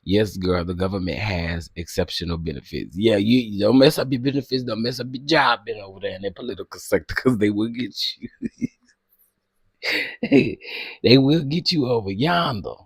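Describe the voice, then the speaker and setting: A man hosting a casual livestream, talking to his chat in an animated way and laughing often. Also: fairly low pitch, a little fast, hardly any pauses, husky, no room sound, clean studio sound. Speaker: livestream host.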